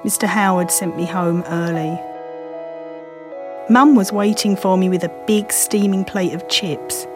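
A woman's voice: medium pitch, unhurried, music in the background. Wry Cockney woman telling her story. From London, England. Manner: wry, self-mocking, vivid. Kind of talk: first-person storytelling.

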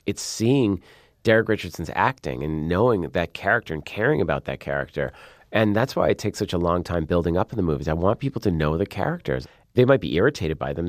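A man, a film director, giving an interview and telling lively anecdotes, acting out quotes with sudden loud outbursts. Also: sits low, no echo, studio quality. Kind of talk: interview, animated storytelling.

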